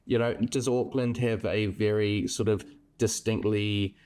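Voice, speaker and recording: Male host, lower pitch, laid-back interviewer who affirms and prompts. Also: a little slow, clear, resonant tone. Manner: relaxed, affirming, asks open questions. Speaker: podcast host. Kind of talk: casual interview chat.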